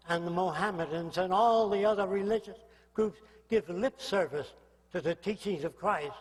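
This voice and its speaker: An older man delivers a public lecture in a blunt, provocative way, often pausing to ask his listeners whether they follow. His voice sits high for a man. Long reverb from the hall trails behind his words.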